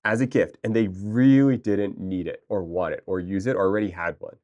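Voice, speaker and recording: A man livestreaming, chatting casually and excitably with viewers, rambling with restarts and answering chat. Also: low-pitched, fairly quick, hardly any pauses, dull audio.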